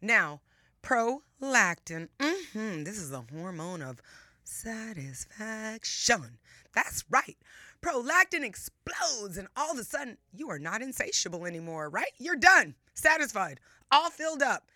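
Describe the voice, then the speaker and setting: A woman's voice: on the high side, sing-song, a little slow, sharp tone, no room sound, studio quality. A woman hosting a live radio talk show, playful and emphatic, laughing often and stretching words for effect.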